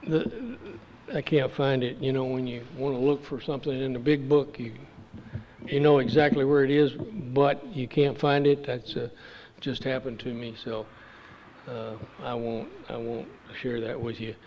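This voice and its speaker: An older man from Texas giving a halting, folksy personal testimony at a recovery meeting. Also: mid-range voice, flat delivery, slight background noise. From Texas, USA. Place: meeting room. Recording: dull lo-fi recording with long hall reverb.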